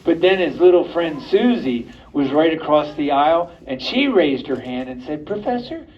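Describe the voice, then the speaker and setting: A male puppeteer tells a story to young children, his voice slightly high and swooping with lots of movement. He keeps inviting the kids to join in. The recording is muffled. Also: expressive, moderate pace, a little hiss or hum. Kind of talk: storytelling to preschoolers. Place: library program room.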